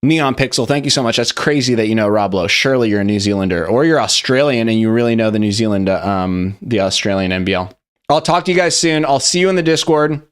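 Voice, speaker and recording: A man's voice: fairly low pitch, expressive, quick pace, clean tone. A young man hosting a live stream, reacting loosely and profanely to memes, rambling and chatty. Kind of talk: casual live-stream meme review.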